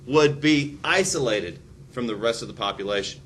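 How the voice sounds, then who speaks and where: History teacher guy, super lively pitch, sarcastic jokes. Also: normal speed, slight background noise. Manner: animated, sarcastic asides. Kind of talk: recorded history lecture.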